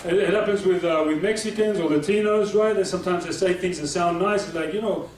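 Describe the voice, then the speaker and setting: A man's voice: sits high, a little fast, hardly any pauses. A man doing a stand-up comedy set on a club stage, chatty and punchy, constantly checking in with the crowd. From Australia. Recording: echoey room taped from far off with crowd noise.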